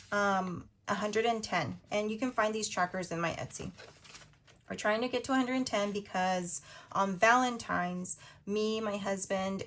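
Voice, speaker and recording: A woman in her thirties hosting a budgeting video, chatting casually while she counts cash out loud. Her voice is going a little hoarse. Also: mid-range voice, slight background noise. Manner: chatty, counts money out loud, quick asides.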